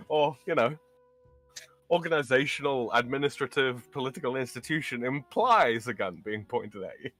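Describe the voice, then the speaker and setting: Bright-voiced man, halting and measured. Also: mid-range voice, wildly swooping pitch, soft background music. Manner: halting, many fillers and restarts, measured argument. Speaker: podcast guest. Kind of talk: casual political chat.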